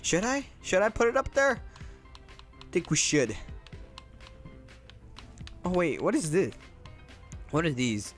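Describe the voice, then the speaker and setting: With a voice that sits high, a young man hosts his gaming channel and talks excitedly and casually over his gameplay, frequently repeating exclamations.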